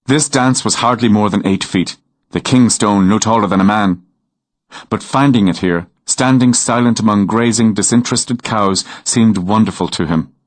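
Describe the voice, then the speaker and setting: A man narrating a romance novel in a measured, unhurried storytelling manner. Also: on the low side, dry recording. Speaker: audiobook narrator.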